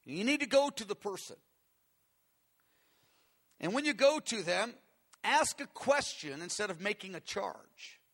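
A man's voice: sits high, animated, measured pace, long pauses, fairly bright tone, husky. A man preaching a conversational, earnest sermon, asking his listeners questions as he teaches. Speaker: pastor.

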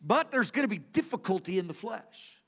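A man with a notably high voice delivers a Bible teaching from his notes. He speaks earnestly and with emphasis, circling back to repeat key words so they land. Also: sing-song, moderate pace, fairly bright tone, slightly rough. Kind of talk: teaching sermon from lecture notes.

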